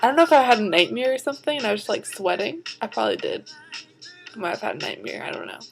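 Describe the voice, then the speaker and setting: A tired but excitable woman chats straight to camera like a vlogger. She rambles through her stories, and her voice sits a little high. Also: rapid-fire, gravelly, faint music behind, poor audio. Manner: chatty, excitable storytelling. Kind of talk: casual vlog chat.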